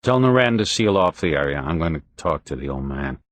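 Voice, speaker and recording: A man's voice: a bass voice, very animated, brisk, no room sound. A man voicing a grim male police detective who gives curt, urgent orders.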